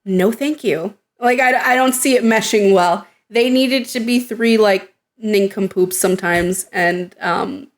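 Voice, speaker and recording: A woman co-hosting a casual podcast with a mid-pitched voice. She talks in an animated way, often laughing and slipping into playful impressions of characters. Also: a little slow. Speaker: podcast co-host. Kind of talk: casual chat.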